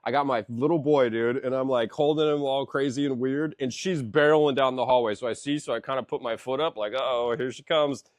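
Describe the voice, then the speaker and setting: A man's voice: mid-range voice, fairly quick, few pauses, no echo. A man in his thirties in casual podcast chat, a rambling storyteller who swears a lot and keeps saying "dude".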